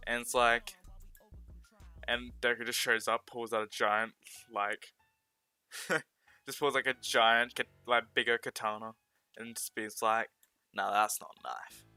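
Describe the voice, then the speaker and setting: A man's voice: medium pitch, pushed and bright, clear, resonant tone. A man with a South Australian accent chatting casually while gaming on a stream, rambling, sarcastic and often correcting himself. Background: faint background music.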